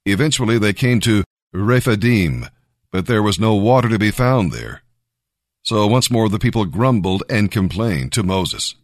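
A man narrating a scripted devotional Bible reading, measured and emphatic. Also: lowish voice, expressive, no echo, clean studio sound.

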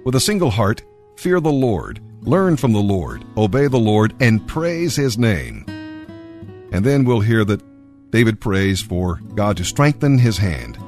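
A man reading scripture and giving devotional commentary in an earnest, expressive way. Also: fairly low pitch, measured pace, soft background music. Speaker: Bible reader and devotional speaker.

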